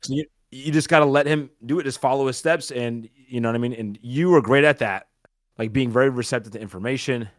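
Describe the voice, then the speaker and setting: A man talking casually as a boxing coach and co-host, loose and energetic, with lots of fillers. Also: medium pitch, quick pace, no room sound, clean studio sound. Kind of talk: casual podcast chat.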